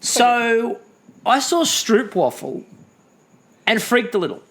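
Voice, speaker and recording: A man's voice: very high voice, big pitch swings, slow pace, fairly bright tone. A man co-hosting a podcast, recapping in casual chat with lots of ums and dry asides. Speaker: podcast co-host.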